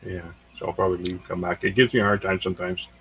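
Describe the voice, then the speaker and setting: A man's voice: deep voice, level tone, quick pace, fairly bright tone, slightly rough, rough recording. A man joining a livestream as a guest, chatting casually and offhandedly. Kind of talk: casual chat.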